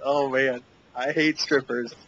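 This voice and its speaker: A mid-pitched man tosses in crude, laughing remarks during a loose podcast chat. The sound is muffled and lo-fi, with faint hiss. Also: fairly even intonation, takes it slowly, fairly bright tone. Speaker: podcast co-host. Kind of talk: casual chat. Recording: dull lo-fi podcast audio.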